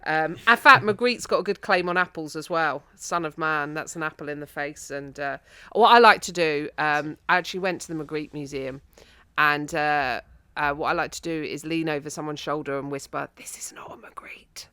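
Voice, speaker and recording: A woman chats as a comedy panel guest, full of joking asides. Her voice sits low but sounds bright and crisp, and the mic is close and dry. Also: dry recording. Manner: animated, joking, quick asides.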